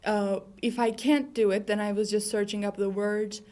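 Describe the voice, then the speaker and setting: A teenage girl whose first language is Turkish talks as a student guest on a school podcast. She chats casually, fills her sentences with "you know", and sometimes rushes in quick bursts at a medium pitch. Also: flat delivery, mellow. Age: teens.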